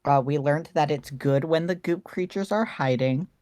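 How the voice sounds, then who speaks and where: Deep-voiced stammering woman player. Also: normal speed, mellow, no echo. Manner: stammering, playful. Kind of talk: casual chat between players.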